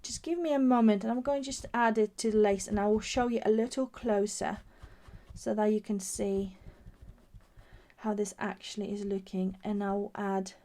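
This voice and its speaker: A woman's voice: mid-range voice, fairly even intonation, moderate pace, mellow. A woman, the founder of a craft shop, giving a live craft demonstration. She chats as she works and gushes over the results. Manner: gushing, admiring her own work; chatty, thinking aloud as she works.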